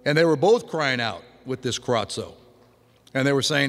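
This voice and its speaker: A man's voice: mid-range voice, expressive, normal speed, fairly bright tone. A man preaching a sermon in a loose, conversational way, with frequent restarts and vivid imitations of sounds. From grew up on a farm. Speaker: pastor. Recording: long hall reverb.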